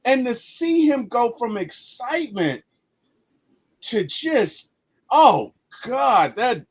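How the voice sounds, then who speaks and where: A man co-hosting a casual movie podcast, telling stories with emotional, animated delivery and a husky voice. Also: extremely high pitch, takes it slowly, muffled recording. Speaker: podcast co-host.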